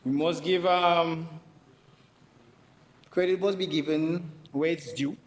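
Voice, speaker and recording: A man's voice: on the high side, fairly even intonation, slow, big-room sound, a little hiss or hum, poor audio. A Dominican man, a member of parliament, giving an emphatic debate speech in the chamber and repeating himself for stress.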